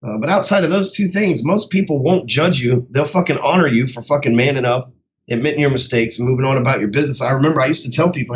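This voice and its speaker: A man's voice: medium pitch, fast. Man, sales coach, casual motivational talk, blunt and profane, slightly dull recording.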